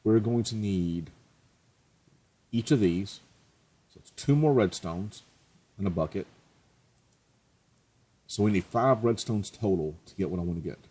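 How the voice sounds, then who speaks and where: Husky low-voiced man narrating gameplay. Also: lively intonation, a little slow, pauses often, warm tone. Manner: chatty, joking, self-mocking. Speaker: let's play host. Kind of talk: casual gameplay commentary.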